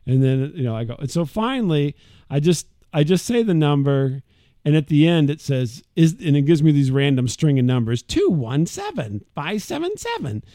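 A middle-aged man co-hosting a podcast, telling a story in a lively, casual way and mimicking the voices of others. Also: fairly high pitch, fairly quick, clear, resonant tone, no room sound, clean studio sound. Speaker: podcast co-host. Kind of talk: casual chat.

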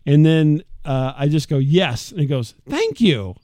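Middle-aged man telling animated stories. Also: fairly high pitch, normal speed, clear, resonant tone, no room sound. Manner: animated storytelling, mimics voices. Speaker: podcast co-host. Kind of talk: casual chat.

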